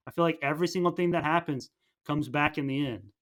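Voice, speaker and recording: A man's voice: a little high, fast, fairly bright tone. Rambling young man talking movies. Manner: rambling, enthusiastic, with many restarts. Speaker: podcast co-host. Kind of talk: casual film chat.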